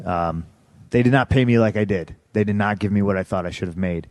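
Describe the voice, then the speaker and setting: Man, interview guest, low-pitched voice, blunt and profane, stammering restarts, dry close sound. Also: brisk, darkish tone, no room sound. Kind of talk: candid conversational storytelling.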